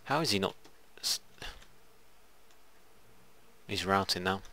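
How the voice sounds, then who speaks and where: A man's voice: low-pitched, animated, slow, pushed and bright. A man giving rambling, casual commentary while playing a strategy game. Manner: rambling, muttering asides to himself. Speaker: gaming video host. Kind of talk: casual let's play commentary.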